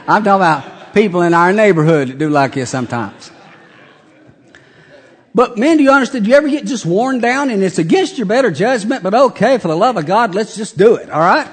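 Folksy preacher guy, middle-aged, kinda high voice, jokey sermon, goes loud then soft. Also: big pitch swings, normal speed, pauses often, slightly rough. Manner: folksy, joking preacher with big swings in loudness. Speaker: pastor.

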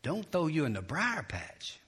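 A man voicing a scheming, hungry male fox in a folk tale. The fox speaks in a slow, gloating, drawn-out way. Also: on the high side, wildly swooping pitch, fairly bright tone, husky, exaggerated voice. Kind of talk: storybook retelling.

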